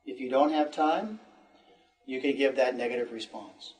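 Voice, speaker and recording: A man teaching an English lesson, encouraging and repeating phrases slowly for learners. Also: mid-range voice, a little mellow, recorded from a distance, soft background music.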